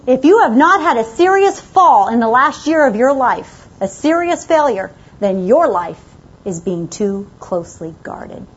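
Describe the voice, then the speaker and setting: A woman's voice: on the high side, sing-song, a little slow, breathy edge, dull audio. A woman giving a motivational talk to a live audience, emphatic and exhorting, with short commands she often repeats. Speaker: motivational speaker.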